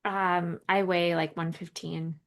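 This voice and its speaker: A woman's voice: lowish voice, level tone, slow, gravelly, fairly bright tone. A woman hosting a podcast, speaking in a casual interview and laughing along with her guest. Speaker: podcast host.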